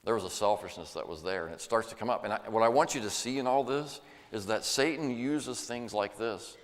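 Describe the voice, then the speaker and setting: A man's voice: on the low side, fairly quick. A man preaching a sermon in an earnest, folksy way, sometimes acting out the voices he quotes. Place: church sanctuary. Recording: long church reverb.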